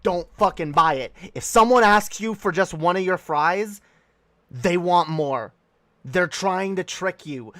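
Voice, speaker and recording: A male streamer giving a loud, profane comedic rant, repeating himself for emphasis. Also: sits high, unhurried, no echo.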